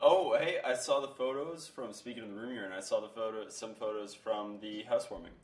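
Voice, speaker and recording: Sarcastic male co-host, mid-pitched, roomy and slightly distant from the mic. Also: brisk. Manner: dry, sarcastic. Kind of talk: casual chat. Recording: roomy sound, a bit off-mic.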